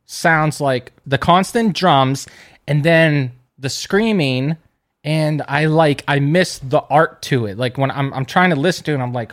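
A man's voice: a little high, a little slow, fairly bright tone. A man co-hosting a podcast in casual chat, teasing his co-host and laughing often.

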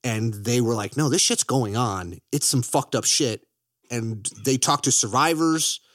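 A man's voice: mid-range voice, a little slow, fairly bright tone, no echo, clean studio sound. A man co-hosting a podcast, chatting enthusiastically about films, joking and swearing. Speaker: podcast co-host. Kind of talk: casual film chat.

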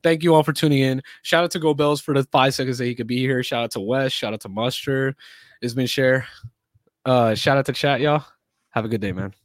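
A man's voice: mid-range voice, brisk, no room sound, clean studio sound. A man hosting a casual podcast, talking in a loose, rambling, profane way with lots of fillers. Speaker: podcast host. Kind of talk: casual sports and wrestling chat.

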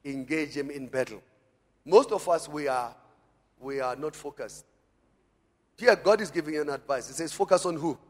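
A man's voice: fairly high pitch, normal speed, pauses often, darkish tone. A man preaching a sermon in church, calling on the congregation to answer and repeat after him. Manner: preaching with call-and-response to the congregation. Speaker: pastor. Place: church hall. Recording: long church-hall reverb.

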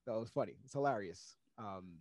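A man's voice: on the low side, fast, a little mellow, no room sound. A man co-hosting a casual podcast chat, talking in a wry, rambling way and repeating words as he thinks. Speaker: podcast co-host.

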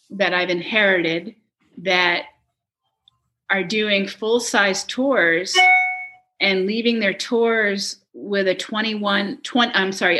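A middle-aged woman chatting in an interview, telling animated stories, laughing often and quoting people. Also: medium pitch. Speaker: guest, touring production manager. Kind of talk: casual interview chat.

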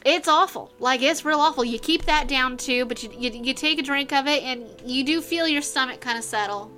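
Bright-voiced woman running a tabletop game. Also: high-pitched, a little fast. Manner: rambling, filler-heavy, casual. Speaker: game master.

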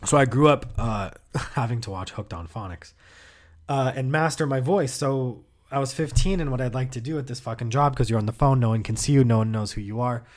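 A man from the United States hosting a podcast, telling casual stories with loud bursts, quick asides and swearing. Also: medium pitch. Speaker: podcast host. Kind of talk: casual storytelling monologue.

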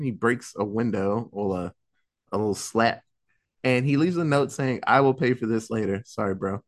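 Casting note: young male podcast host, lively swooping delivery, profane, acts out characters mid-recap. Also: medium pitch. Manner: animated, profane, acts out characters in quick asides. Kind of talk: casual storytelling recap.

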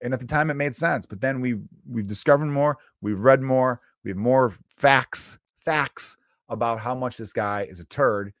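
A man's voice: medium pitch, moderate pace, fairly bright tone, dry recording, studio quality. A man delivering a profane, sarcastic comedic rant as a podcast host, mocking people and swearing constantly.

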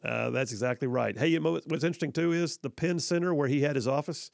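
A man's voice: on the high side, fast talker, creaky, no echo, clean studio sound. A man hosting a casual talk radio show, chatty and full of fillers. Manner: chatty, hesitant with many fillers.

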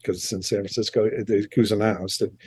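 An older man with a low, husky voice tells a loose, rambling story, full of restarts and asides. The recording is dry and close to the mic. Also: flat delivery, fast talker, a little mellow, no echo. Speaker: musician guest. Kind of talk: casual anecdote telling.

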